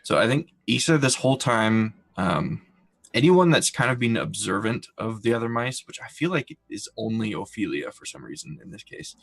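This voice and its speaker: A man's voice: fairly low pitch, animated, moderate pace, gravelly, fairly bright tone. A man playing a tabletop roleplaying game, describing his character hesitantly with lots of fillers. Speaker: player.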